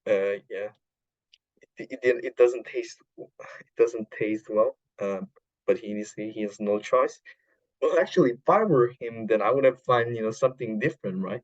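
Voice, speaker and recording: Halting man retelling a film. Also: on the low side, lo-fi sound. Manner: halting, many fillers and restarts, non-native grammar. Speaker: podcast host. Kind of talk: casual retelling of a film plot.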